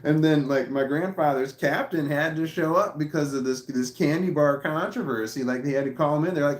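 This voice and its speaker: A man's voice: fairly high pitch, a little fast, hardly any pauses. Guy rambling thru a story, laughs a lot, swears a bit, kinda echoey room. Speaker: vlogger. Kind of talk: casual storytelling.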